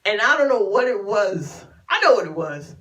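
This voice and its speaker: Animated woman telling a story, off-mic. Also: medium pitch, moderate pace, far from the mic, poor audio. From Chicago, USA. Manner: animated, laughing often, acting out quotes. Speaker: live stream host. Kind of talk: casual storytelling to viewers. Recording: voice sounds from away from the mic.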